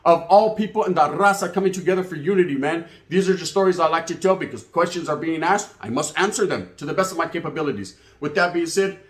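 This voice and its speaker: A man's voice: a little high, fast, hardly any pauses, echoey room. A man telling a casual story to his channel's viewers in profane, slangy street talk. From California. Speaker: YouTube channel host.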